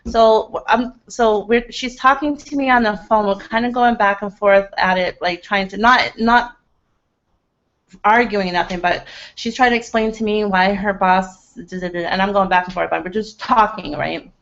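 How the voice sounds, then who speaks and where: Through slightly dull lo-fi webcam audio, a woman with a mid-range, somewhat bright voice runs a laid-back livestream hangout at a moderate pace and fairly even intonation. Her chat with viewers wanders, punctuated by frequent laughs and plenty of "like" fillers.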